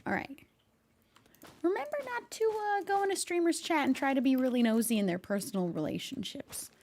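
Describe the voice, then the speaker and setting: A woman's voice: high voice, expressive, fairly quick, darkish tone. A woman streamer chatting casually with her live viewers, laughing often and talking to her cat between thoughts.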